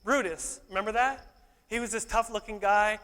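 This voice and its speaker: A man's voice: sits high, moderate pace, a bit bright. A male pastor preaching a sermon in a church, playful and joking one moment, fervent the next. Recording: echoey hall reverb.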